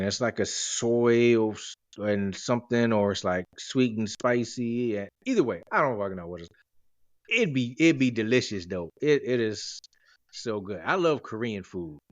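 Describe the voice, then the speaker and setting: Here a man in his forties hosts a podcast, spinning meandering, casual tales full of jokes. His voice sits in the mid range, captured in a dry, dull, lo-fi recording.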